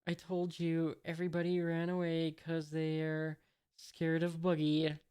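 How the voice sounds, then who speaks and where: A woman reading a brash young female thief navigator's lines aloud, with little put-on voice, keeping her own low, flat delivery. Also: unhurried, clean tone.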